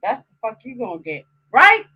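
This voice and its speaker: A woman's voice: fairly high pitch, huge pitch swings, fairly quick, pushed and bright, breathy edge, low-quality recording. A woman hosting her own live stream, talking casually to viewers and ranting heatedly at one of them, swearing a lot and repeating herself for emphasis.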